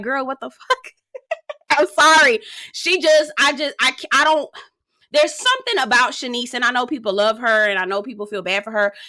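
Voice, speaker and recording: A woman's voice: mid-range voice, sharp tone. A young woman casually recapping a reality show, sassy and profane, with dramatic asides.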